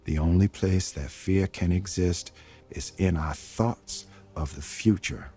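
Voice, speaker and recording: A grave, husky commander father. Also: low-pitched, mellow, exaggerated voice. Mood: solemn. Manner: slow, grave, deliberate delivery. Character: stern, measured adult male commander father. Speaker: actor in a film clip. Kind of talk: film dialogue.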